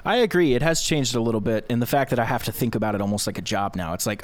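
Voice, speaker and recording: A young man, a video creator, talking through his work process in a relaxed, chatty interview. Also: medium pitch, rapid-fire, hardly any pauses. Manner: explains step by step, relaxed and talkative. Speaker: YouTube creator, guest. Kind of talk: casual conversational interview. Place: home studio room.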